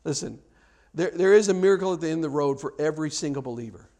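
A man's voice: a little high, animated, quick pace, dark tone. A man preaching a sermon, telling a story with acted-out dialogue and frequent stammered repeats.

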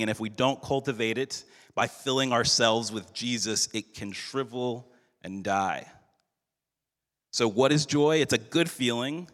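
A male pastor giving a sermon in an earnest, measured way, slowing down for emphasis. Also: on the low side, a bit bright. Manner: earnest, measured preaching with slowed emphatic phrases. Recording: long hall reverb.

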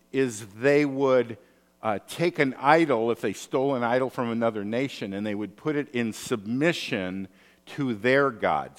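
A man preaching a sermon, telling stories in an animated way with asides and rhetorical questions. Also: mid-range voice. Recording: long hall reverb.

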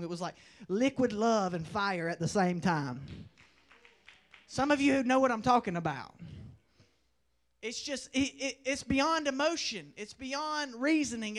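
High-voiced young male preacher. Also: a little slow. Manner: animated storytelling, swings between loud and hushed. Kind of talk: sermon testimony.

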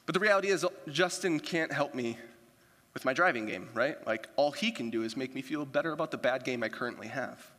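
A man's voice: medium pitch, a little fast, a bit bright. A man preaching a sermon as pastor, in a conversational storytelling way with quoted asides. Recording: long hall reverb.

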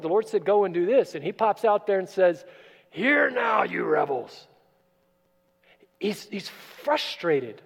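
A man with a high voice preaches a sermon in a church. His delivery is expressive, rising to loud emphasis and then dropping to quiet asides. The sound carries a long reverb from the hall. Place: church sanctuary.

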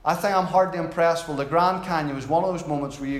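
Guy preaching a sermon in a church, chatty and joking a bit, kinda high voice, roomy echo. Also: fairly quick. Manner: conversational, storytelling, gently humorous.

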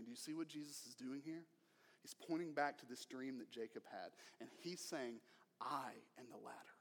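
Earnest preacher in an echoing hall. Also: male voice, a little high. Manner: earnest, swings between emphatic and hushed. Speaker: pastor. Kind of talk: sermon.

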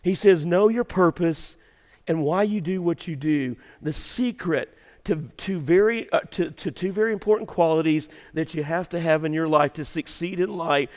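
A man preaching a sermon to his congregation, swinging between hushed storytelling and shouted emphasis. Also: on the high side, normal speed. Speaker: pastor. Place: church sanctuary. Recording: reverberant church hall.

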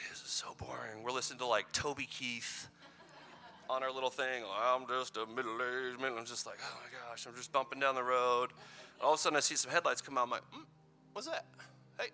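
A man's voice: medium pitch, bright, forceful tone, a little hiss or hum. A man in his thirties giving a playful, conversational youth sermon full of personal stories. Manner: playful, conversational, teasing asides. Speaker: youth pastor.

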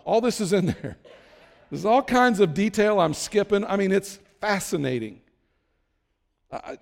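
Animated preacher man in a reverberant hall. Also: on the high side. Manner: animated storytelling, slows down for emphasis. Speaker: pastor. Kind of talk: sermon retelling a Bible story.

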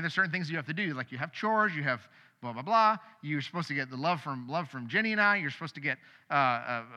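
Bright-voiced man preaching in a hall. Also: fairly high pitch. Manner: conversational, animated preaching with sudden loud outbursts. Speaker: pastor. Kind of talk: sermon. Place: church sanctuary. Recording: long hall reverb.

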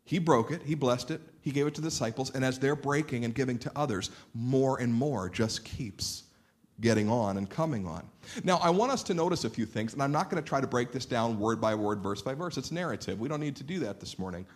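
A man's voice: medium pitch, lively intonation, fairly quick. A man pastor preaching a sermon, earnest and explanatory, often repeating words as he builds a point.

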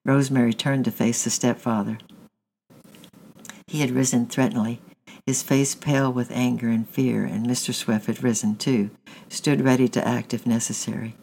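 A man reading a storybook chapter aloud in a steady narration, often correcting himself mid-phrase. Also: medium pitch, normal speed, creaky, slight background noise, rough recording. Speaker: audiobook reader.

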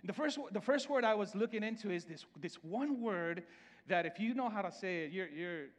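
A pastor with a Salvadoran Spanish accent delivers a loose, conversational sermon, stumbling over and repeating words as he goes. His voice sits high for a man. It carries a long reverb, as if from a large church hall. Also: animated, fairly quick. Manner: repeats words often and restarts, conversational preaching.

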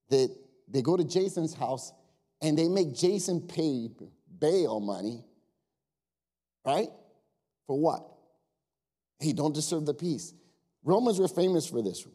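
A male pastor giving a lively, animated sermon, speaking directly to his congregation with jokes and quiet asides. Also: on the high side.

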